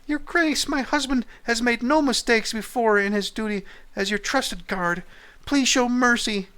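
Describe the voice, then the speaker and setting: A man voicing a desperate young peasant wife, begging the king for her husband's life in a high falsetto. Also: unhurried, sharp tone, smooth, heavily acted. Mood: pleading.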